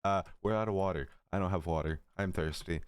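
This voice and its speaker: A man's voice: low voice, brisk, smooth. A teenage boy telling rambling stories in a casual storytime vlog, giggly and full of profane asides, his throat a little dry. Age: teens. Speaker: storytelling creator.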